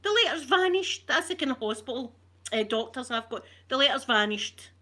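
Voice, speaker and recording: A woman's voice: high voice, animated, normal speed, pushed and bright. A Scottish woman chatting on an ASMR live stream, ranting with animation and swearing freely. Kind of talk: casual live-stream chat.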